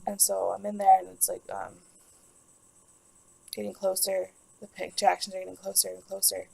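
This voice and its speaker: A woman's voice: medium pitch, completely flat delivery, moderate pace, creaky, mellow, poor audio. A young woman telling a personal story in a vlog, rambling and emotional, with lots of "like". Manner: rambling, emotional, heavy use of "like". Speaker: vlogger.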